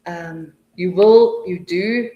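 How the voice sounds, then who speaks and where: A woman with a lowish voice runs a live webinar for language teachers, talking in a loose, chatty way that keeps restarting mid-sentence. She drops into quiet mutters to herself while she clicks between slides. It's recorded through a computer mic in an echoey room. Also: takes it slowly, muffled recording. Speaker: webinar presenter, TEFL trainer.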